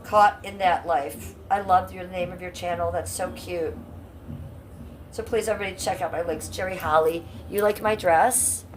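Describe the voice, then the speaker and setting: Brash lady from ohio streaming from her house, blunt and sweary, kinda low voice, faint hiss behind. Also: fairly even intonation, moderate pace. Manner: chatty, talks straight to chat. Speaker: livestreamer. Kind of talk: casual livestream chat with viewers. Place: at home.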